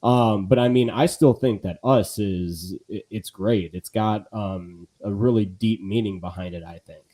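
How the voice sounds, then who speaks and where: A man's voice: lowish voice, measured pace, dark tone. A man co-hosting a live podcast in casual chat, rambling with lots of fillers and restarts. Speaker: podcast co-host.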